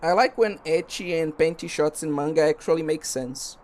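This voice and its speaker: A man's voice: on the high side, normal speed, a little mellow. A man streaming a game, talking casually and rambling with lots of fillers. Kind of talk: casual commentary while gaming.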